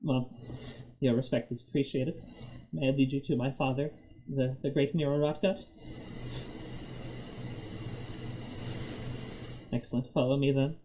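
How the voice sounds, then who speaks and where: A man's voice: mid-range voice, steady tone, fairly quick, warm tone, natural voice, poor audio. A man voicing a pompous, small male goblin courtier with a prim, formal manner during a tabletop game. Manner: prim, formal, put-upon. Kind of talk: tabletop game role-play.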